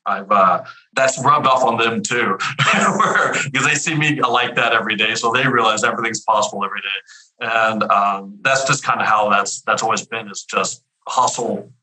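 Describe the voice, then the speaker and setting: A man in his fifties with a very bright, forward tone tells stories as a podcast guest. He talks with energy, often repeating words and restarting his sentences. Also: on the low side, normal speed, poor audio. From Houston area, US. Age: 50s. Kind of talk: casual storytelling interview.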